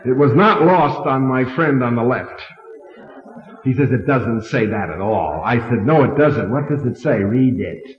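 A man's voice: expressive, a little slow. A man preaching a sermon, telling a story and acting out the dialogue with big swings in his voice. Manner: dramatic, acts out dialogue with big pitch swings. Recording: roomy lo-fi hall recording.

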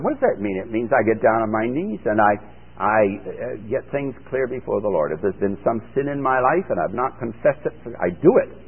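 A man's voice: lowish voice, slightly rough. A man giving a radio sermon as a Bible teacher, reading scripture aloud and then explaining it plainly with rising emphasis. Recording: phone-like old radio broadcast with long reverb.

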